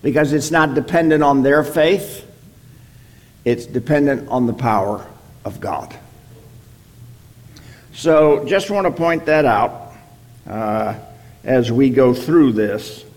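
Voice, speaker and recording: A man leads a Bible study in an unhurried, deliberate way, pausing often to ask "okay?" His voice sits at an ordinary middle pitch and moves at a slow, steady pace. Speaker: Bible teacher.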